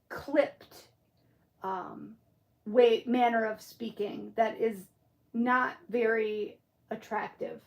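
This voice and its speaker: Chatty high-voiced woman from Michigan. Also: gravelly, reverberant. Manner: chatty, answers viewer comments, muses aloud. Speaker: livestream crafter reading chat. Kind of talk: casual live-stream chat.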